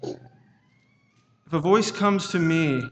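A man with a fairly high voice delivers a sermon in a measured, halting way, pausing often between phrases. He reads scripture aloud in old-fashioned wording. A faint hiss sits under his voice. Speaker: preacher.

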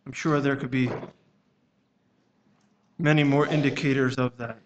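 A man preaching a sermon at a church service, speaking in a measured, halting way and reading scripture aloud in old-fashioned wording. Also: medium pitch, fairly even intonation, highs cut off, slight background noise.

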